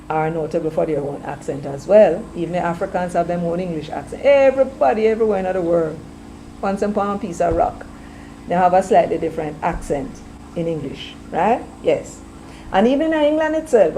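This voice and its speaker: A Jamaican woman hosting casual commentary, chatty, slipping between patois and English, her throat a little hoarse. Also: fairly low pitch, dark tone, slight background noise, poor audio. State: slightly hoarse, clearing throat. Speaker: commentary channel host.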